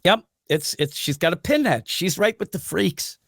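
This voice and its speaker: Excitable podcast guy ranting about comics, cusses a lot, high voice jumping all over. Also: moderate pace, vocal fry, dry recording, clean studio sound. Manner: animated, swearing, laughing, mimicking characters. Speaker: comic book podcast host. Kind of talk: casual chat.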